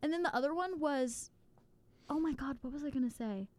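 A young woman co-hosting a podcast, telling stories in an animated, exclaiming way. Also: high voice. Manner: animated storytelling with quick exclamations. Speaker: podcast co-host. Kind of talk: casual chat. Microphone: podcast mic on a laptop setup.

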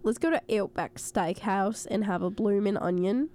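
A woman's voice: mid-range voice, normal speed, mellow, a little hiss or hum, close to an everyday voice. A woman playfully faking an Australian accent in a casual chat. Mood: jokey. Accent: Australian (put on). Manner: playful, hammy.

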